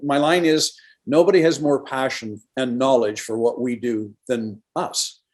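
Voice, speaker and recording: A man's voice: mid-range voice, fairly even intonation, a little slow, rough recording. An older man, a retired radio professional, talking enthusiastically as a podcast guest. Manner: enthusiastic, tells stories with quoted dialogue. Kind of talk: casual interview conversation.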